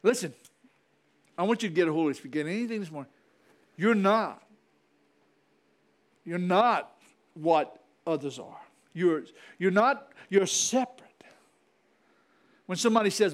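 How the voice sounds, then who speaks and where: Pastor, male, fiery sermon delivery, very high and lively pitch. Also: measured pace, long pauses. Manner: fiery preaching with repetition and calls to the congregation.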